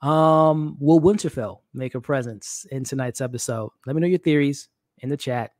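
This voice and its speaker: Male streamer host, mid-pitched, loose chatty delivery aimed at the chat, dry room. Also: moderate pace, darkish tone, dry recording. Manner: chatty, addresses chat directly, frequent fillers. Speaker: YouTube show host. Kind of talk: casual live-stream chat.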